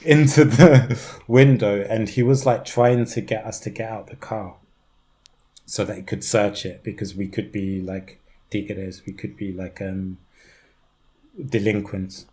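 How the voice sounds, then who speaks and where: A young man with a London accent tells a story on a podcast in a low, mellow voice. He speaks in an animated way, laughing often and slipping into the voices of the people he describes. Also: measured pace. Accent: London English. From East London, England. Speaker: podcast guest. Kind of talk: conversational storytelling.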